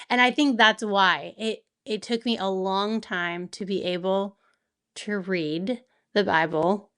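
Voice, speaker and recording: Smooth-voiced woman speaking candidly. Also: medium pitch, a bit bright. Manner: open, reflective, laughs often while talking. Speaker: author and guest. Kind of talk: candid interview conversation.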